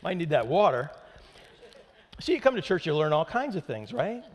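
A man's voice: a little high, big pitch swings, normal speed, a little hiss or hum. A male pastor giving a sermon, emphatic and conversational with dry humor. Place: church sanctuary. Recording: long hall reverb in a church.

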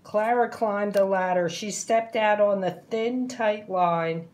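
A woman reading a children's picture book aloud in a slow, deliberate voice. Her narration is clear and expressive, pitched in an ordinary middle range. She takes her time over each sentence, as if for young listeners.

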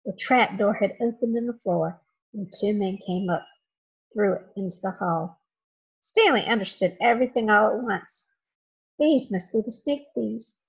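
A woman reading a children's chapter book aloud in an expressive, dramatic way. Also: mid-range voice, normal speed, breathy edge. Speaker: storybook reader. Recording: dull lo-fi home recording.

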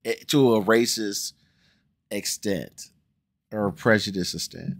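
A casual music video reaction is hosted by a 40-year-old Ohioan with an American accent who bounces between loud exclamations and muttered asides. His voice is lowish, unhurried and creaky, with no echo.

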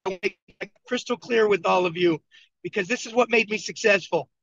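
Over a video call from a moving vehicle, a team leader and coach from Buffalo, New York runs a motivational session, telling his story with emphatic repetition. His voice sits high and is creaky and a bit bright, and he talks fairly quickly. The call audio is dull and lo-fi.

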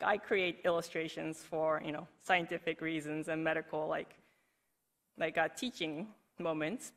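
A woman giving a conference talk with a bright, crisp tone. She speaks in a loose, chatty way, packing her sentences with "like" and breaking into easy laughter. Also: on the low side. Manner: chatty, heavy use of "like", laughs easily. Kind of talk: recorded presentation talk.

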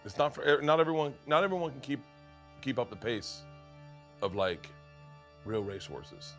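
A middle-aged man, a comedian, telling crude stories in an animated way and laughing at his own jokes. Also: mid-range voice, moderate pace, faint music behind. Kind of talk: comic storytelling.

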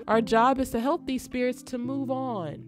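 Casting: woman voicing a calm, formal male spirit guide, measured delivery, light game music behind. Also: high voice, pitched above the performer's own voice, lightly acted. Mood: solemn. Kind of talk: reading game dialogue aloud.

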